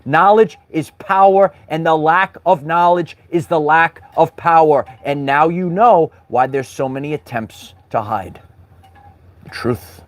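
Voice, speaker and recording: A man's voice: fairly high pitch, measured pace. A man hosting a spiritual livestream, talking in a preachy, repetitive way and calling out chat viewers by name. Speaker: livestream host.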